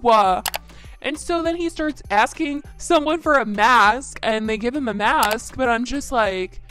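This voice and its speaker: A woman's voice: a little high, measured pace, a bit bright, soft background music. Exasperated young woman doing casual commentary. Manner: exasperated, says "like" a lot. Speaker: commentary podcast host.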